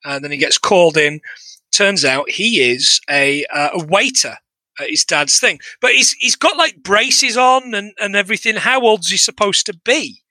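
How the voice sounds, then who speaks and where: A man's voice: high-pitched, lively intonation, normal speed, bright, forceful tone, no room sound. A man in his thirties co-hosting a podcast, chatting casually about a film in a rambling, sweary, exasperated way with many restarts. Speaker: podcast co-host. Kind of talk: casual comedic film review chat.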